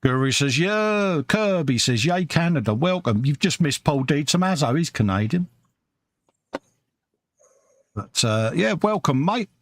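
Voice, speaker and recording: A man's voice: mid-range voice, animated, unhurried, pauses often, dry recording. A British man co-hosting a casual live stream from his hobby workbench, chatting and reading viewer comments aloud, calling everyone mate. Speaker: live show co-host.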